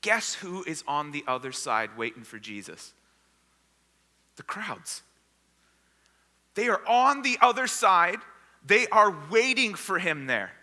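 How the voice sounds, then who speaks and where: Pastor guy preaching, high voice, super bright, big hall echo, acts out the story. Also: big pitch swings, takes it slowly, long pauses. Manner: storytelling, acting out the disciples and crowd. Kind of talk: sermon. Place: church sanctuary. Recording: long hall reverb.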